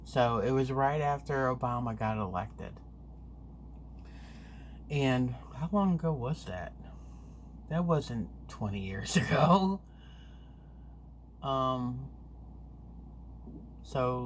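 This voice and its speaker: A woman vlogger telling a story to camera in a chatty, rambling, animated way. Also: rumbling low, slow, long pauses, slight background noise.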